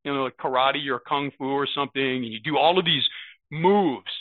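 A man's voice: medium pitch, moderate pace, no echo. A man of fifty with an American accent, sharing earnestly at a recovery meeting and often asking "right?". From United States. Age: 50s. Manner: earnest, repeats words, rhetorical "right?". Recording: phone-like narrow sound.

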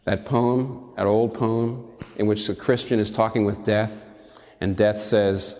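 A man preaching a sermon with passion. He swings between high, emphatic peaks and soft, low asides, and he asks his listeners direct rhetorical questions. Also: steady tone, measured pace. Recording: long reverb from a large hall.

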